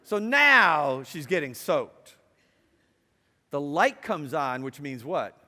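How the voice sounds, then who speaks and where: A middle-aged man giving a lively talk to students, chatty and playful, asking the audience questions and telling stories. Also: a little high, slow. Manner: conversational and playful, asks the audience questions, acts out quotes. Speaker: speaker addressing students. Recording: long hall reverb.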